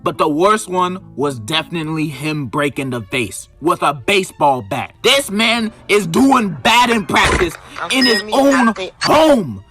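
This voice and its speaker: A man's voice: high voice, lively intonation, measured pace, fairly bright tone, faint music behind. A man, giving comedic scripted commentary in a sarcastic, mock-outraged, exaggerated way. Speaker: video narrator reviewing a book.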